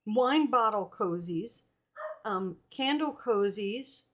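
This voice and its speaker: A woman's voice: mid-range voice, expressive, slow, a bit bright. A young adult woman streamer chatting casually with viewers, bubbly and laughing. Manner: bubbly, laughing, hesitant fillers. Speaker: streamer host. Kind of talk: casual live-stream chat.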